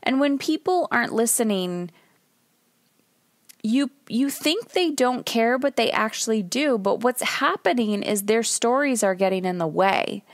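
A woman's voice: on the high side, expressive, measured pace, no echo. Woman podcast host, thirties, recording in her car, dry close sound; candid, emphatic, swears casually. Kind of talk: solo podcast monologue.

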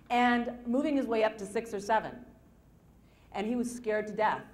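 Woman telling stories to a seminar audience. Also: on the high side. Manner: storytelling, lively retelling with repeated phrases. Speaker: self-help seminar speaker. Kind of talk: motivational talk to an audience.

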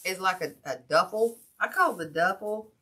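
Hosting a wreath-making livestream, this older Ohio woman is chatty and folksy and calls out to viewers by name. She talks at a normal speed in a husky mid-range voice that sounds pushed and bright.

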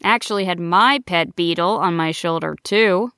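A woman voicing a nervous, chatty nine-year-old male gnome with a raspy voice, in a children's audio story. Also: lowish voice, moderate pace, no echo, studio quality. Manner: rambling, self-interrupting. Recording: soft background music.

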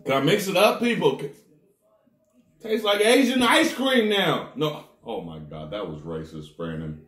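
A man's voice: fairly high pitch, big pitch swings, a little slow, fairly bright tone, roomy sound. A man reviewing snacks on camera, talking to his viewers and groaning dramatically at each bite. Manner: dramatic, groaning reactions to the taste; talks straight to viewers as "people". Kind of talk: casual food-tasting vlog talk.

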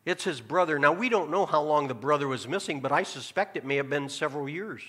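A man preaching a sermon as pastor, asking the congregation questions and dropping to a hushed tone to make a point. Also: on the high side, animated, quick pace. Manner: preaching with rhetorical questions and sudden drops to a hushed tone. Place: church sanctuary.

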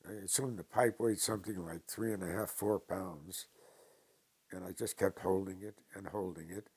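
An older man from New York telling stories from his past slowly and with dry humor in an interview. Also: sits low, steady tone, darkish tone, breathy edge. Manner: slow, deliberate anecdotes with dry humor. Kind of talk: storytelling interview.

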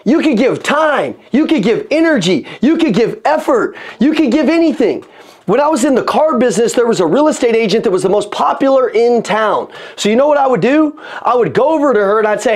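High-pitched, fired-up sales coach. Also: male voice. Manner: energetic, rapid-fire, repeats phrases for emphasis. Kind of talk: motivational sales talk. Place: room with an audience.

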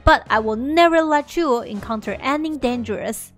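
A woman voicing a calm, earnest young exiled prince from a video game, reading his lines in a lowered, quieter voice. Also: moderate pace, soft background music.

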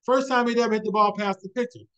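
A man presenting a webinar, telling a motivational story with a rhythmic, repeated refrain and building excitement. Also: sits high, fast, clean tone, muffled recording.

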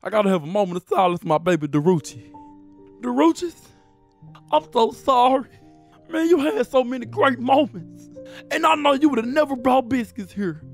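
A man voices a loud, excitable cartoon character who swears freely and talks in street slang. His voice sits high and jumps around in pitch constantly. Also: gravelly. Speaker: cartoon creator voicing lead character K-Mo. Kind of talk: comedic cartoon voice acting.

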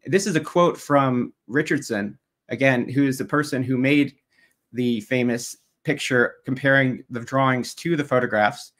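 A man presents his side of a debate slide by slide. His voice sits at an ordinary middle pitch, and his delivery stays methodical and pointed, sometimes turning mocking toward his opponent. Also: fairly bright tone. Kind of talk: debate opening statement over slides.

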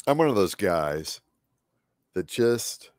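In a fairly low, darkish voice with big pitch swings, a man chats slowly and casually while painting live. His scratchy rambling, muttered asides, and unfinished sentences come through in studio quality with no room sound.

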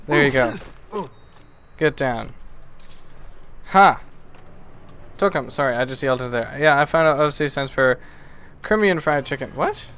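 A man streaming a video game live, chatting with viewers and reacting excitedly and goofily to the play. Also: mid-range voice, moderate pace, smooth. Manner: excitable, goofy, talks to chat. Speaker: gaming streamer. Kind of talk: live gameplay commentary.

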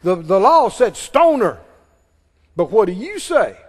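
A man's voice: high-pitched, big pitch swings, measured pace, slightly rough, full character voice. A man preaching, voicing a group of pressing, challenging male accusers. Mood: badgering. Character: badgering crowd of male accusers. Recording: long reverb of a large hall.

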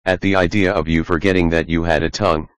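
A man's voice: deep voice, level tone, fast talker, clear, resonant tone, no echo, natural voice. A man reading the part of a teasing, easygoing male skunk who tells stories. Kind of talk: audiobook reading.

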